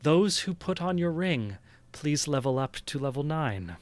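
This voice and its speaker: A man's voice: on the high side, big pitch swings, unhurried. A man running a tabletop game as game master, talking with enthusiasm and encouraging his players.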